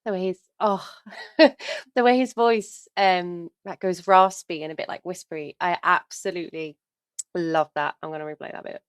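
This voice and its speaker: A woman's voice: on the low side, fairly even intonation, clear, resonant tone, no echo. A woman speaks chattily and enthusiastically as she hosts a reaction video, keeping her tone casual. Her voice comes through dry and close, with no room sound around it. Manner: enthusiastic, chatty, pauses to comment. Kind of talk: casual chat.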